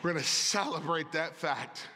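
A man preaching a sermon as pastor, moving from calm teaching to rousing, shouted fervor. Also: fairly high pitch, moderate pace. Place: large church sanctuary. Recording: long church hall reverb.

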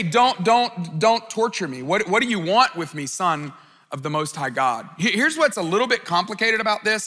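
A man's voice: high-pitched, pushed and bright, in a large hall. A man preaching a sermon in an earnest tone, who often stammers and repeats words as he restarts a phrase. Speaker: pastor.

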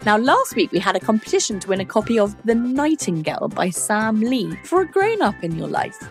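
A woman hosting a children's science podcast, explaining things to young listeners in a playful, animated way. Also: medium pitch, fairly quick, soft background music.

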